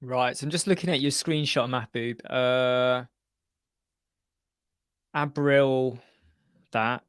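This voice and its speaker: A man's voice: medium pitch, steady tone, slow, pauses often, clear, resonant tone, no room sound, clean studio sound. A man hosting a casual live web chat, answering viewers by name in a chatty, joking way. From United Kingdom.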